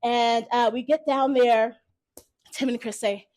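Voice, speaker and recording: A woman telling a personal story live to an audience at a cafe event, expressive and often laughing as she speaks. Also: fairly high pitch, a little slow, slight background noise.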